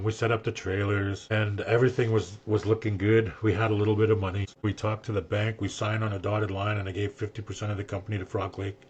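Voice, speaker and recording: An older man on a podcast, earnestly telling a personal story and acting out what people said to him, with a husky voice. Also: on the low side, highs cut off. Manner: earnest, emotional storyteller who acts out quoted speech. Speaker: guest sharing his story.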